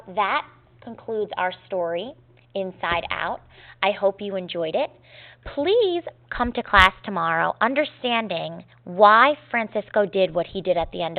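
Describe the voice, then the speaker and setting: A woman's voice: mid-range voice, vocal fry. Woman teacher reading aloud, tinny recording. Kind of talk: reading a story aloud to students.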